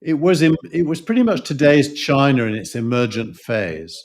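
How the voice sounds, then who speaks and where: A man with a Yorkshire accent co-hosts a casual podcast discussion, speaking thoughtfully with plenty of fillers and restarts. His voice is mid-range with big pitch swings, at normal speed.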